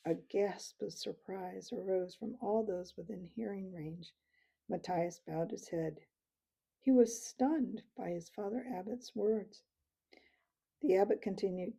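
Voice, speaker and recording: A woman reading a novel aloud with steady, calm narration. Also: mid-range voice, slow, vocal fry, husky, low-quality recording. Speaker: storyteller.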